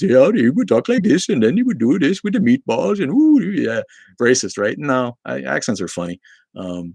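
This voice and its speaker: Low-pitched male host, loose filler-heavy delivery, dry booth-like sound. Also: vocal fry, dry recording. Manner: rambling, many fillers and restarts. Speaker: livestream host reading chat. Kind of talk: casual live-stream chat.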